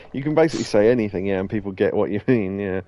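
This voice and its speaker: A man casually commentating his gameplay, rambling through anecdotes and laughing at his own stories. His voice is mellow and dark-toned at a mid pitch. A faint hiss sits under the desk microphone. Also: lively intonation, fast talker. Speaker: let's play host.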